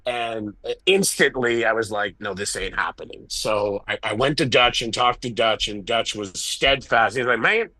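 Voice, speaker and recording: A middle-aged man, a wrestling promoter, telling candid stories in an interview, animated and self-deprecating. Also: medium pitch, a little slow, hardly any pauses, no room sound, poor audio.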